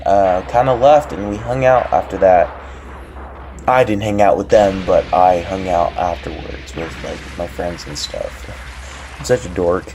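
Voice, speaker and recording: A young man telling a story on his vlog, excitable and rambling with many restarts. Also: lowish voice, slight background noise. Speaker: vlogger.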